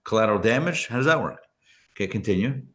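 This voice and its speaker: A rabbi giving a live Torah class, talking conversationally and paraphrasing the verses with lively emphasis. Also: male voice, on the low side, fast. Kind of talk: live class lecture with discussion.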